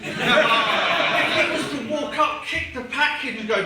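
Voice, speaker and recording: A man's voice: extremely high pitch, unhurried, recorded from a distance. Sardonic man, echoey club stage. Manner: deadpan, sardonic storytelling with swearing. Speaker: stand-up comedian. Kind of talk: stand-up comedy set. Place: comedy club, live audience. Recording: echoey club recording from afar, audience noise.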